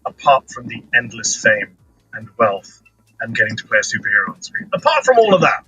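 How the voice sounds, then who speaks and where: Bright-voiced male interviewer, teasing. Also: mid-range voice, a little fast, breathy edge, poor audio. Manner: upbeat, teasing, flattering questions. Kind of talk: talk-show interview.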